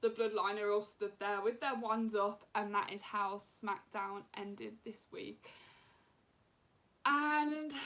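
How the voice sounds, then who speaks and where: Young woman, wrestling recap vlog, bright voice, a bit high, animated with many fillers. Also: unhurried. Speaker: wrestling show reviewer. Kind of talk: excited casual recap.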